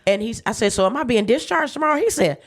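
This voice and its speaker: A woman's voice: a little high, lively intonation, fast. A woman, a guest chef, telling a personal story in a casual interview, laughing often and acting out the voices of the people she quotes. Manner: faith-filled, emphatic retelling.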